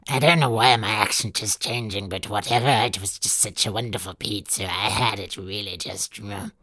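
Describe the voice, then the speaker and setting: A grubby little gremlin talks in a very deep, husky growl and savours every word as it rambles on, put on by a podcaster. The sound is close and dry, with no room around it. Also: fairly even intonation, normal speed, sharp tone, no echo. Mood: gleeful. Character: dirty little gremlin, small and greedy. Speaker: podcast host voicing a sample. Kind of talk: playful improvised monologue.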